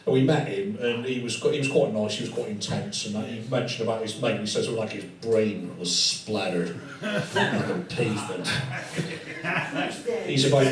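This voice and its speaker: A man doing stand-up in a very echoey room, caught from some distance, with a crowd laughing around him. He tells rambling, sweary stories at a medium pitch and slips in quick impressions of people. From England. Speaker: stand-up comedian. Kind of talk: stand-up storytelling. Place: tattoo studio with a live audience. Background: audience laughing.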